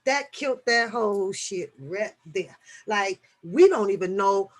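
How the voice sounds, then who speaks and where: A woman, hosting a late-night casual chat and telling stories in a profane, animated way with laughter. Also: mid-range voice, unhurried. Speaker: reaction channel host.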